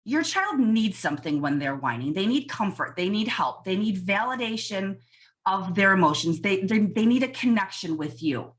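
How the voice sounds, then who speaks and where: A woman's voice: mid-range voice, expressive, normal speed. A woman pediatrician giving emphatic parenting advice in a casual podcast interview. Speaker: pediatrician guest.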